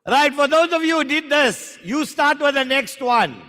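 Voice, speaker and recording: A man's voice: extremely high pitch, lively intonation, normal speed, sharp tone, long reverb tail. A South African man teaching maths at a live exam workshop, joking with learners in slangy banter.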